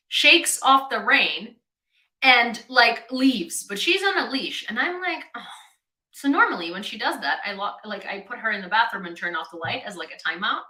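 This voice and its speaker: A woman's voice: a little high, sharp tone, echoey room, poor audio. A woman from Ukraine hosting a casual livestream, telling a chatty story and greeting viewers in the chat. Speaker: livestream host.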